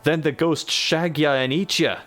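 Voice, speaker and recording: A rowdy middle-aged Scottish drunk, played by a man in an overdone mock Scottish accent. He sounds gruff and belligerent and keeps cursing, pitched a little higher than a plain voice. It is a comic story reading. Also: steady tone, a little slow, a bit bright. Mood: scolding.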